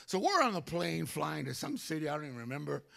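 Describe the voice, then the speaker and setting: An older male pastor telling a story during a sermon, animated, acting out other people's voices. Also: a little high, quick pace, gravelly. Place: church.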